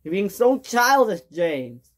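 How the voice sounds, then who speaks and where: A woman's voice: medium pitch, very animated, takes it slowly, pitched above the performer's own voice. A woman voicing an upset young male tank engine who pleads and scolds in a raised voice. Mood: scolding.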